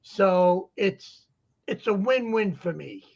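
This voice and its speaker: Boston-accented man, chatty joker, high pitched, slightly muffled sound. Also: slow pace, creaky, breathy edge. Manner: joking, animated storyteller. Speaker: guest vendor. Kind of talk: casual chat. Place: lives in Florida.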